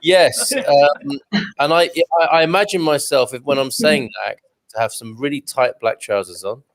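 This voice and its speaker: A man's voice: mid-range voice, moderate pace. Chatty man in his forties. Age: 40s. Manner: chatty, joking, rambling asides. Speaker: wine club host. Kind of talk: casual online group chat.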